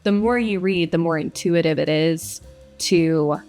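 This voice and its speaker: A woman's voice: on the low side, unhurried, darkish tone, soft background music. A young woman who narrates audiobooks, answering interview questions in a casual, reflective way with frequent fillers.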